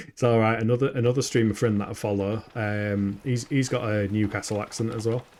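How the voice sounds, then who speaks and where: A man's voice: lowish voice, steady tone, moderate pace, darkish tone, a little hiss or hum. A young man with a Yorkshire accent, chatting casually and swearing now and then while playing a video game live and answering his chat. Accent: Yorkshire English. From England. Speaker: game streamer.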